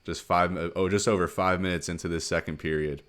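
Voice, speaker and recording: A man giving play-by-play commentary on a hockey video game, calling each play quickly and rising sharply on goals. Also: deep voice. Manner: rapid play-by-play, excited surges on goals. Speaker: gaming commentator.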